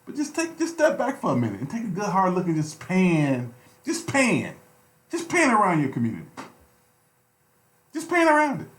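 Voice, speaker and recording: A man holds forth on talk radio in an impassioned, preachy way. He hammers points home by repeating phrases. His slightly high voice swings widely in pitch. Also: huge pitch swings, brisk, reverberant. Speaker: radio show co-host. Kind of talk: heated talk radio discussion.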